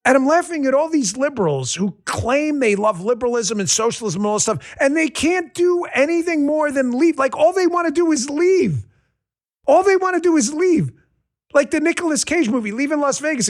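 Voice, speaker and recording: High-pitched ranting male talk host. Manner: ranting, sarcastic, repeats punchlines for emphasis; talks straight to his audience and crew. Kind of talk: political talk show monologue.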